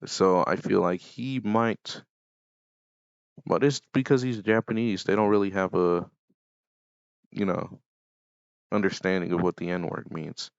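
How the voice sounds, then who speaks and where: A young man with a very low, gravelly voice talks slowly and offhandedly in a casual vlog. The sound is dry and close but dull and lo-fi, and he drifts into deadpan asides. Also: no echo. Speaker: YouTuber. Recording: dull lo-fi mic.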